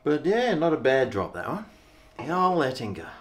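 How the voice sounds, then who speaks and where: A man's voice: a little high, huge pitch swings, moderate pace. A middle-aged Australian man, a vlogger, rambling in a laid-back, slangy way while he tastes and reviews a beer. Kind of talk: casual beer review vlog.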